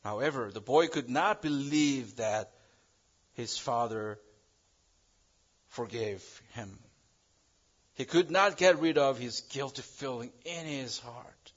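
In a dull lo-fi recording, a male preacher with a slightly bright voice tells an illustrative story within his sermon. He stumbles and restarts phrases, pushing up his pitch and volume when he hits key words.

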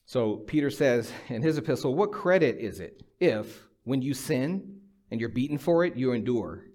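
A man's voice: mid-range voice, expressive, normal speed, a little mellow. A middle-aged man preaching a sermon, mixing personal storytelling, dry humor and emphatic, conversational exhortation. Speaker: pastor.

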